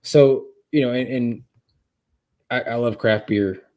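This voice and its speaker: A man with kids, a guest chatting casually on a live stream, talking in halting bursts with many restarts. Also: mid-range voice, steady tone, darkish tone. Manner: halting, lots of restarts and fillers. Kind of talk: casual chat. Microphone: live stream setup.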